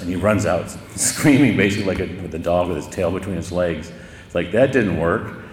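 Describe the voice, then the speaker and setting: A middle-aged man, a priest, preaching a sermon in a relaxed, conversational storytelling way with occasional chuckles. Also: lowish voice. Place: church. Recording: roomy church echo with long reverb.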